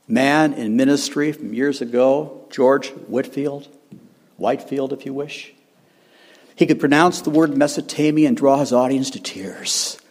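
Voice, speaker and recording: A man's voice: mid-range voice, a little mellow. An older man preaching a sermon, emphatic, repeating his key phrases and chuckling at his own slips.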